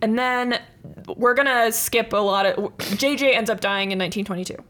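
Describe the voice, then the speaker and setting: A woman's voice: on the high side, normal speed, a bit bright. A woman co-hosting a podcast, casually telling a history story with lots of fillers and laughs. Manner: chatty, laughs often, many fillers. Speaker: podcast co-host.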